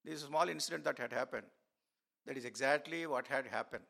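Male pastor, sermon delivery, gravelly and bright, halting storyteller with frequent "uh"s. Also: mid-range voice. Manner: storytelling with many fillers and restarts.

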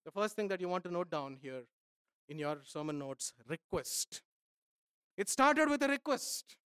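A man preaching a sermon as pastor, emphatic, repeating phrases and swinging from soft asides to loud pleading. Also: sits high, big pitch swings, measured pace, clear, resonant tone, dry recording, studio quality.

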